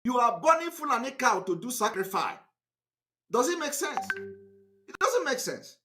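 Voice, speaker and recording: A man's voice: extremely high pitch, sing-song, normal speed, noisy background. A man with a Nigerian accent giving an impassioned live online broadcast, emphatic and defiant, repeating his points. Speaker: activist broadcaster.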